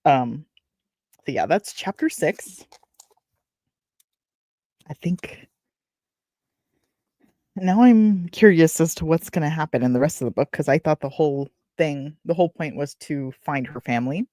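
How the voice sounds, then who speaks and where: A woman's voice: sits low, unhurried, pauses often, warm tone, no echo, clean studio sound. Chatty woman reading a book aloud. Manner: chatty, self-correcting, wry asides. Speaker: book reader and streamer. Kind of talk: reading aloud with casual commentary.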